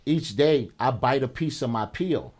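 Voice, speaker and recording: A middle-aged man, a podcast guest, telling a story in a casual, animated and profane way, often acting out the voices of people he quotes. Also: mid-range voice, measured pace.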